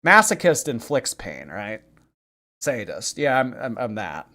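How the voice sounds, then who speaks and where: A man hosting a livestream, reading viewer messages aloud and answering with quick snarky reactions. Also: mid-range voice, big pitch swings, sharp tone. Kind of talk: casual livestream chat.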